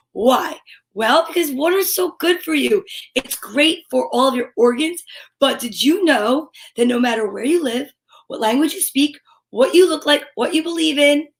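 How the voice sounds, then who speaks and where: A middle-aged woman hosts a children's story time live stream, bubbly and animated as she greets viewers and reads out names and comments. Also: high-pitched.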